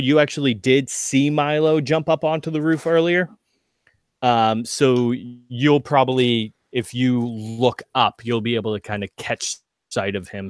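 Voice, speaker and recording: A man's voice: mid-range voice, dry recording. Laid-back male game master, dry sound. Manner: relaxed, filler-heavy narration with frequent laughs. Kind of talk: narrating a tabletop game.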